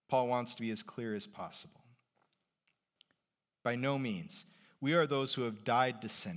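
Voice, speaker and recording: A male pastor delivering a sermon in an easy, conversational tone. His voice sits at an ordinary, middle pitch. He climbs higher and louder to drive a point home, then sinks almost to a whisper on the big questions. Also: normal speed. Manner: conversational and lively, rising in pitch and volume for emphasis.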